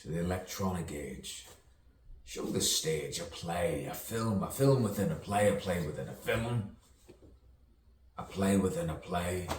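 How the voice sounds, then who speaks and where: Deep, slow, rambling rhyming man. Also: a little mellow, slight background noise. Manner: free-associating, rhyming, playful, shifting voices. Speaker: self-styled poet and performer. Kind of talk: rambling spoken-word monologue. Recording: roomy echo, distant from the mic, faint ambience.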